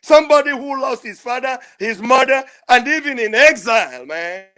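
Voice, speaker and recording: A man's voice: very high-pitched, expressive, normal speed, pushed and bright. An older man, calling in to a show and speaking in an emotional, pleading, repetitive way. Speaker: caller. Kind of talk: impassioned call-in speech.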